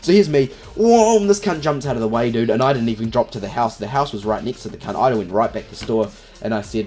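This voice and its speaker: A man's voice: medium pitch, animated, fast, a little mellow, faint music behind. A young man telling a rambling story in a casual vlog, swearing constantly and filling every gap with "you know". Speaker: vlogger.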